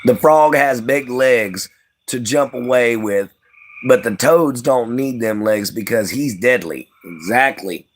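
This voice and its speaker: A man's voice: medium pitch, slow pace, slight background noise. Tired, rambling man with a light Cajun accent. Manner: folksy, rambling, many fillers. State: tired from lack of sleep. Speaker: live-stream host. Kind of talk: casual live-stream chat.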